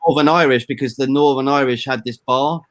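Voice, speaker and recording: A man's voice: medium pitch, fairly even intonation, brisk, no room sound. A man tells a winding story in casual chat, restarting his sentences as he goes. His voice comes across dry and close. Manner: meandering storyteller with many restarts. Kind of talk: casual anecdote.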